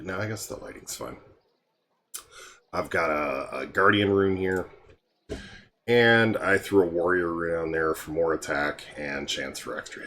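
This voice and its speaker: A tired, yawning man casually walking through a mobile game's heroes, relaxed and meandering with frequent ums. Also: low-pitched. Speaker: game guide creator. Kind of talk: casual game walkthrough commentary.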